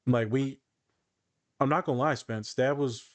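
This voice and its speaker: A man's voice: mid-range voice, unhurried. Man hosting a casual podcast. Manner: conversational, teasing, counselor-like explaining. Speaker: podcast host.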